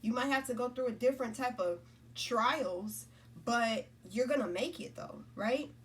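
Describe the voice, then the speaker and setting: A woman's voice: fairly high pitch, unhurried, a little hiss or hum. Rambling woman talking faith, slightly distant mic. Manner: rambling, repeats herself, lots of "right?" and "you know?". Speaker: spiritual content creator. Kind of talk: casual spiritual talk to camera.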